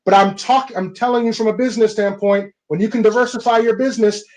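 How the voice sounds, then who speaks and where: High voiced guy pumping up a panel audience on a video call, punchy and motivational. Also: steady tone, fast, darkish tone, poor audio. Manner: emphatic, motivational, addresses the audience as guys and friends. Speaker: panelist, business coach. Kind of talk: webinar panel talk.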